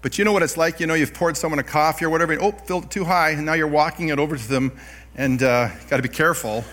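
A middle-aged man preaching a sermon, telling personal stories with animated delivery and self-deprecating laughs. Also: fairly high pitch, very fast. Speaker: pastor.

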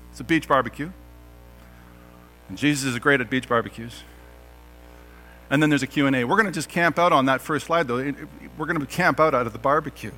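A man's voice: mid-range voice, pushed and bright. A man, a pastor, preaching a sermon in a conversational way, with jokes and rhetorical questions to the congregation.

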